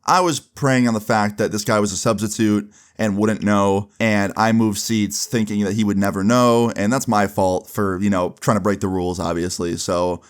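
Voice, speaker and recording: A young man with a fairly low voice recounts a story in a casual, conversational way. His delivery is loose and unhurried, peppered with fillers and the odd curse word. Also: smooth. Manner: relaxed, swears casually, fillers like "like" and "you know". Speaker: storyteller vlogger.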